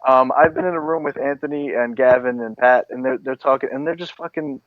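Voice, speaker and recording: A male podcast co-host musing in a relaxed, meandering way. He reflects out loud, and his voice comes through dry and a little dull, like a lo-fi recording with no room sound. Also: medium pitch, a little fast, no room sound. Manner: relaxed, thoughtful, rambling. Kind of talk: casual commentary.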